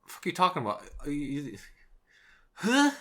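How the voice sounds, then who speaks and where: Give me a sarcastic, bright-voiced male co-host. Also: fairly high pitch, wildly swooping pitch, fairly quick. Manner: sarcastic, swears casually. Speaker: podcast co-host. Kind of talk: casual podcast banter.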